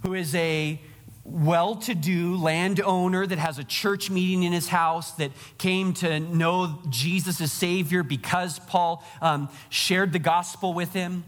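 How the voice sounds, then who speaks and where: A man's voice: sits high, steady tone, measured pace, big-room sound. A man preaching a sermon to his congregation, earnest and direct, speaking to them as their pastor.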